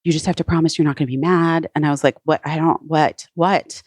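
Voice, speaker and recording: A woman's voice: low-pitched, fairly even intonation, quick pace, darkish tone, no echo, clean studio sound. A woman being interviewed, telling a personal story casually with many "like" fillers and quoted dialogue. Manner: frequent "like" fillers, retells others' words. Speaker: guest.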